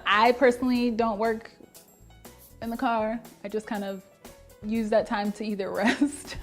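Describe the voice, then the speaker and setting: A young woman answering viewer questions in a casual vlog, chatty with frequent laughs and fillers. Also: mid-range voice.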